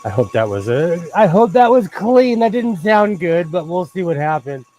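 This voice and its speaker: A man's voice: high voice, sing-song, normal speed, a little mellow, muffled recording. A man hosting a sewing livestream, chatting casually, laughing often and greeting viewers by name.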